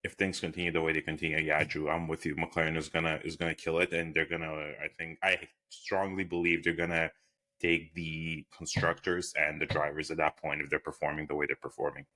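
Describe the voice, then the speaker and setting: Man, very deep voice, bright edge, halting talk. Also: level tone. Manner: halting, repeats words. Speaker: podcast co-host. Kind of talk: casual chat.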